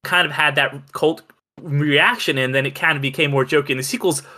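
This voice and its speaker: A man hosting a casual film podcast who is excitable, fills his speech with "like" and "um", and puts questions to the group. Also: on the high side, fairly quick. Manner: excitable, many fillers like "like" and "um", asks the group questions.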